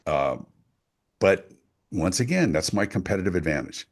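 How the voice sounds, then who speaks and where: Middle-aged male guest, low voice with big swings, punchy salesman delivery. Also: very animated, moderate pace. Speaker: guest speaker and author. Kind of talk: animated interview talk.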